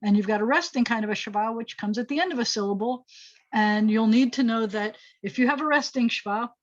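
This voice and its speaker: A woman's voice: on the high side, a little fast, highs cut off. A woman rabbi teaching a Hebrew class online, explaining step by step in a chatty way and thinking aloud as she goes. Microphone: video call.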